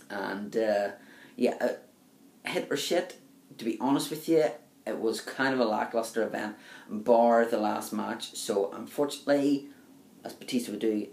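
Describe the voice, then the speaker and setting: Gravelly young man, rambling review. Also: on the low side, a little mellow. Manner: rambling, many ums and uhs. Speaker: wrestling video reviewer. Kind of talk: casual video review. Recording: echoey room, faint background hiss.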